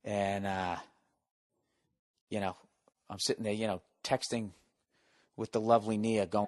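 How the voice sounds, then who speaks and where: A man's voice: on the low side, little pitch movement, a little slow, pauses often, darkish tone, no echo, clean studio sound. A man hosting a podcast from his home, delivering a profane, exasperated solo rant. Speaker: podcast host. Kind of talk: solo ranting monologue.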